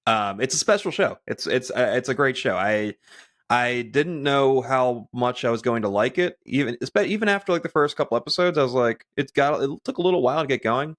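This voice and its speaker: A man's voice: mid-range voice, animated, a little fast, fairly bright tone. A man co-hosting a podcast in casual chat, rambling with many restarts and fillers. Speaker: podcast co-host.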